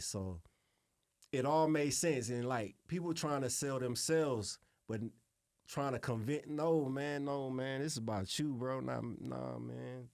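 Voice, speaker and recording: A middle-aged man, a music producer being interviewed, telling stories in a relaxed, salty way and often adding "you know what I'm saying". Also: mid-range voice, gravelly, dry recording, studio quality. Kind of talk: casual interview storytelling.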